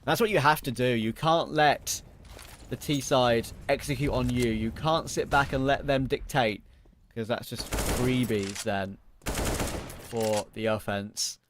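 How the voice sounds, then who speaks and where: Excitable man calling esports play-by-play. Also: medium pitch, slow pace. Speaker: esports commentator. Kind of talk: live esports play-by-play commentary. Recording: broadcast with clear background noise.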